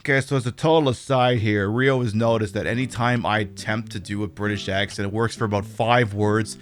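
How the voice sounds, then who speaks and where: A man's voice: mid-range voice, steady tone, brisk, few pauses, a bit bright, faint music behind. A man with an Australian accent, ranting and swearing in casual chat while streaming a game.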